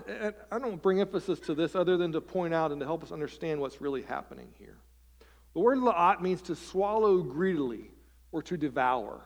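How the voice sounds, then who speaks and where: A man, the pastor, preaching a sermon in church, animated, swinging between loud emphasis and hushed, quiet asides and asking rhetorical questions. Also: fairly high pitch. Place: church sanctuary.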